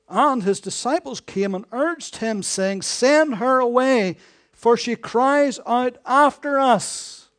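Male preacher, high voice, sermon delivery, rhetorical questions, hushed to emphatic. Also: vocal fry. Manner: swings between hushed and emphatic.

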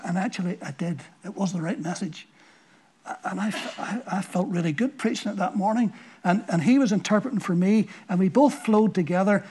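A man's voice: high voice, a little mellow. Older male pastor telling a story. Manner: storytelling, conversational with repeated words. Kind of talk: sermon.

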